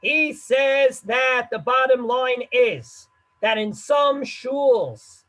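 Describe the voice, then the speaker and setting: A man teaching a lively class as a rabbi, quizzing and teasing his listeners as he explains. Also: extremely high pitch, very slow, poor audio. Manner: animated, quizzes and teases the listeners.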